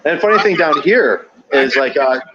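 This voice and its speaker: Speaking at a moderate pace with lively intonation and a fairly high pitch, this podcast guest recounts crazy pizza delivery experiences. He rambles, swears, laughs often and mimics what people said, while background noise and dull lo-fi sound mark the recording.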